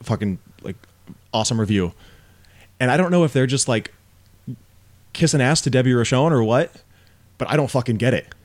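A man's voice: medium pitch, moderate pace, pauses often. A man co-hosting a podcast, talking casually and bluntly about a film, with frequent swearing and rising disbelief. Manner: profane, blunt, animated when incredulous. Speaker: podcast co-host. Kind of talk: casual film review chat.

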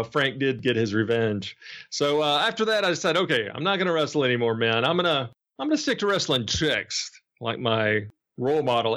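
A man's voice: mid-range voice, a bit bright. A man casually telling old wrestling stories, laughing at himself as he goes. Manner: laughing, self-mocking, loose. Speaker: podcast host and former wrestler. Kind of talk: casual storytelling.

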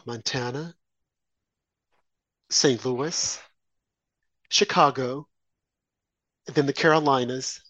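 A man's voice: on the high side, a bit bright, dry recording. A man giving an indignant, scoffing political monologue, mocking opponents by mimicking them. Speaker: political commentator.

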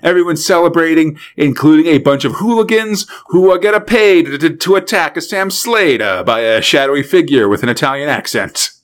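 A man's voice: on the high side, brisk, hardly any pauses. A man co-hosting a podcast, casually recapping a cartoon episode with frequent fillers and laughs. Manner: laid-back storytelling with frequent fillers and laughs. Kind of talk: casual chat.

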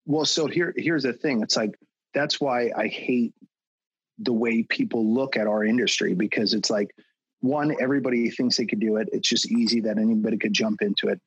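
A man's voice: mid-range voice, normal speed, slightly rough, dry recording, dull audio. Blunt, profane man ranting. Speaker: podcast guest, fitness trainer. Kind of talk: casual podcast chat.

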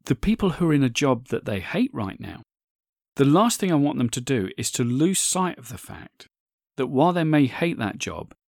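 A man hosts a solo podcast, thinking aloud in an earnest, reflective way and often restarting his sentences. His voice sits at an everyday middle pitch. The recording is dry and close, with no room sound. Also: dry recording. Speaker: podcast host.

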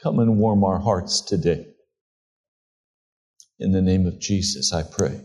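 A pastor preaching a sermon, reading scripture and retelling it in a slow, earnest storytelling way. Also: male voice, low-pitched, a little mellow, breathy edge.

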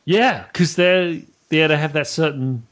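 In a relaxed interview, a British podcast host with a somewhat high, slightly bright voice speaks at a moderate pace. He's talkative and enthusiastic and laughs often.

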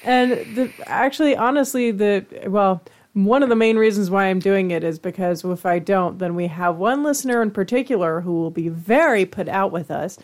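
A woman co-hosting a podcast in casual chat, earnest and quick to laugh. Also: mid-range voice, darkish tone. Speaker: podcast co-host.

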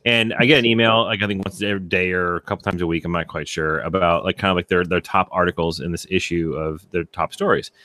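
A man co-hosting a podcast who reads an article aloud in a casual chat, with halting restarts and chuckles as he reads. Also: low-pitched, fairly even intonation, pushed and bright. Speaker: podcast co-host.

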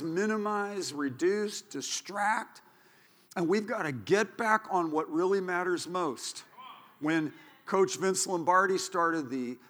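A man preaching a sermon as pastor, telling stories with joking asides. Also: sits high. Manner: animated storytelling, joking asides. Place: church sanctuary. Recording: church hall reverb.

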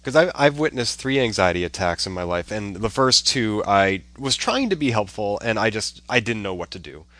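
Gentle male podcast host. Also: on the low side, very animated, normal speed, dry recording. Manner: gentle, thoughtful questions. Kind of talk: casual interview chat.

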